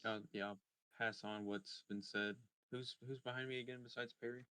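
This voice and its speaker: A man playing a tabletop game, speaking in a hesitant, halting way. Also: mid-range voice, fairly even intonation, bright, forceful tone, smooth. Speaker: player. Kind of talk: tabletop role-play, in character.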